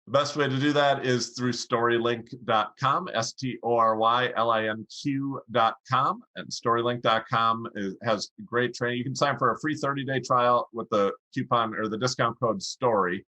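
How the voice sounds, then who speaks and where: A middle-aged man, a podcast guest, explaining public speaking and demonstrating it by swinging his pitch and volume as he talks. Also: pushed and bright.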